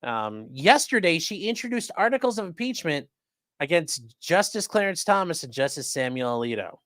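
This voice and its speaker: A man's voice: on the high side, sing-song, normal speed, fairly bright tone, dry recording, clean studio sound. A man hosting a live-streamed legal news show, giving sarcastic, rambling commentary and talking to his chat. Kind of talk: casual livestream commentary.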